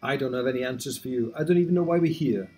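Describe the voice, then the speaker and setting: A man voicing a sleepy, sulky young boy in a game, raising his voice well above its usual pitch. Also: fast talker, dark tone, natural voice. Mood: drowsy. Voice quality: raised, light voice.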